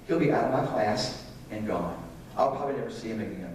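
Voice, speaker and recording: A man's voice: lowish voice, quick pace, darkish tone, a little hiss or hum. Preacher man in an echoey church. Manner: conversational, asks the congregation questions. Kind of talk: sermon on parenting. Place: church sanctuary. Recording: echoey hall, distant mic.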